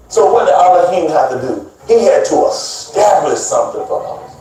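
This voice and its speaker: A man delivers a sermon with hammering emphasis, repeating his points and speaking directly to the crowd. His voice sits a little high and lands from a distance. The room rings with heavy echo, with faint music underneath. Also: expressive, normal speed, hardly any pauses, mellow. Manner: emphatic, repetitive, addresses listeners directly. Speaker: preacher.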